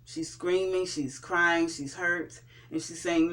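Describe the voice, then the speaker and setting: A vlogger recapping and reviewing a TV episode in a casual way, pausing often and restarting sentences. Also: medium pitch, steady tone, fairly bright tone. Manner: hesitant, with frequent fillers and restarts. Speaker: TV show reviewer.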